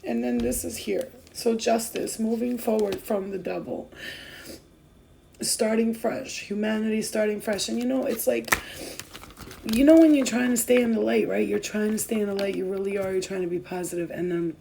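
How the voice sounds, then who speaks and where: A woman's voice: medium pitch, steady tone, moderate pace, creaky, mellow, a little hiss or hum, rough recording. A young woman talking to her viewers in a rambling, heartfelt way, full of fillers and restarts, and tearful at times. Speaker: spiritual vlogger. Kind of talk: emotional casual talk to viewers.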